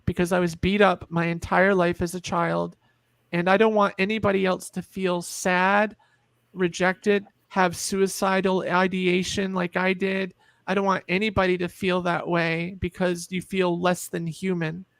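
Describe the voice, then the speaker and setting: Woman, middle-aged, gravelly, dry close sound, animated storytelling. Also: lowish voice, a little slow, dry recording. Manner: animated storyteller, acts out quoted voices. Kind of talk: emotional personal story in a group video chat.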